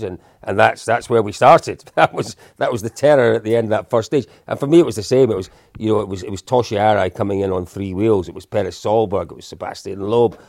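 A man's voice: fairly low pitch, a little fast, gravelly, hardly any pauses, darkish tone, no echo, studio quality. A man, co-hosting a podcast and telling a chatty, self-deprecating story. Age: 50s. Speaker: podcast co-host. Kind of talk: anecdotal storytelling, casual chat.

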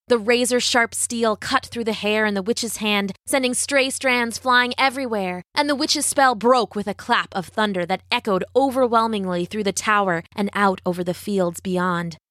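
Bright-voiced woman reading a storybook. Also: mid-range voice, dry recording, studio quality. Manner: expressive, measured reading.

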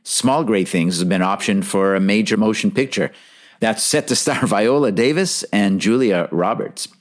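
Guy hosting a podcast, lowish voice, eager scripted intro. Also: moderate pace. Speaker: podcast host.

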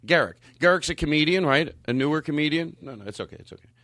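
A man's voice: fairly high pitch, expressive, quick pace, a bit bright, no echo, studio quality. A man hosting a casual comedy podcast, joking, swearing and laughing easily. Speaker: podcast host.

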